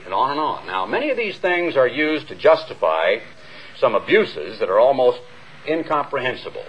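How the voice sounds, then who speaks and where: An older American man, a minister, preaching an earnest, measured sermon to a congregation, with emphatic rises and long pauses. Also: mid-range voice, very animated, a little hiss or hum. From United States. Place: church hall before a congregation. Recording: dull lo-fi radio broadcast.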